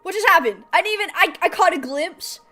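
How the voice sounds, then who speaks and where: A woman's voice: very high-pitched, lively intonation, quick pace, pushed and bright, faint music behind. A young woman streaming a survival game, chatting to her viewers, joking and laughing, with sudden alarmed outbursts. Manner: chatty, talks to chat and the game, laughs often, bursts of alarm. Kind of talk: live gameplay commentary.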